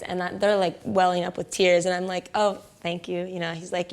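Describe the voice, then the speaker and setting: A young woman tells a personal story in a loose, chatty way, filling her speech with "like" and breaking into laughter often. Her voice sits at an ordinary middle pitch, and at tender moments it falls to a soft whisper. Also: steady tone, fairly quick. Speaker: interviewee.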